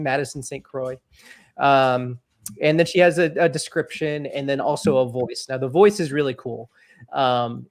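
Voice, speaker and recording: A man casually demoing software over a video call, thinking aloud with fillers and restarts. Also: medium pitch, vocal fry. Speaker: developer demoing a product. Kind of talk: casual live-stream demo.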